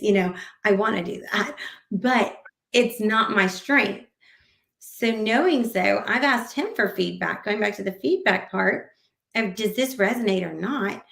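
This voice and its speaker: A woman in casual podcast conversation, her voice carrying a gravelly edge. She talks animatedly and slips into acted-out quotes of what people said. The recording sounds roomy, with noticeable echo. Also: medium pitch. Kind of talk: casual interview chat.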